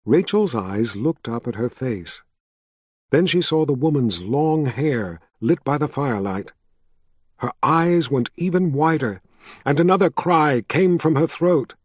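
A man narrating a story as an audiobook, with an expressive reading style. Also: medium pitch, unhurried, husky, no echo, clean studio sound. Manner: expressive, reads all the character voices himself.

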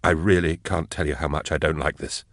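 A man's voice: fairly even intonation, a little fast, no room sound, clean studio sound. A man voicing a panicked, nauseous young male soldier, gasping and frantic. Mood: shaken. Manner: frantic, gasping, higher-pitched.

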